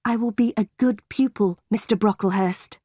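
A woman's voice: mid-range voice, moderate pace, dark tone, slightly rough, no room sound, studio quality, natural voice. A woman voicing a defiant ten-year-old orphan girl, speaking earnestly in an audiobook.

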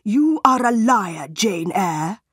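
Storybook villain: woman reading a stern, solemn schoolmaster, slow and dry. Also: mid-range voice, animated, slightly rough, no room sound. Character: stern cruel tall male schoolmaster.

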